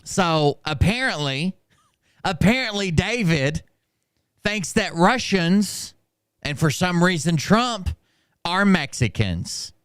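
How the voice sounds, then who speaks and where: A man's voice: sits high, animated, slow pace, a bit bright, smooth, dry recording, studio quality. A man hosting a reaction commentary, making sarcastic, mocking asides. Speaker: commentary host.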